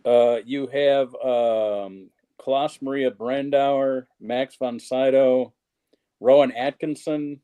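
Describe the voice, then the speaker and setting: A man's voice: medium pitch, fairly even intonation, slow pace, clean tone, phone-quality sound. A man in a casual chat among comedians, reading off film facts with some hesitation. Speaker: comedian guest.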